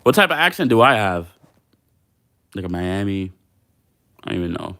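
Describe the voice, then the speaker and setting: A man's voice: deep voice, big pitch swings, moderate pace, a bit bright. A young man hosting a fitness livestream, chatting casually with viewers in a slangy, laid-back way.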